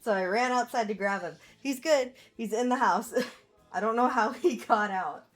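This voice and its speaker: A woman's voice: a little high, moderate pace, faint music behind. A woman artist chatting casually on a livestream from home, laughing often and talking to her cat. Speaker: artist streamer.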